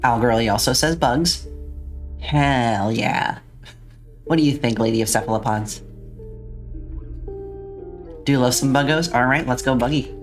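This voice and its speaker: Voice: medium pitch, unhurried, long pauses, soft background music. A streamer in a casual let's-play, chatting along and reading and answering viewers' messages aloud.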